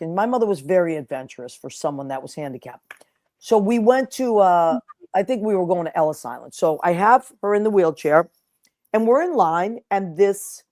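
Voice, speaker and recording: A woman's voice: mid-range voice, mellow, no echo, studio quality. A woman hosting an interview show, telling heartfelt stories in a casual chat and acting out the people in them. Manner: emotional storyteller, acts out quotes. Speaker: podcast host.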